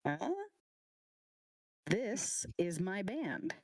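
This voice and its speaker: A woman voicing a gruff, croaking frog-like bullywug man in a tabletop game. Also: lowish voice, very animated, extremely slow, dry recording, studio quality, full character voice.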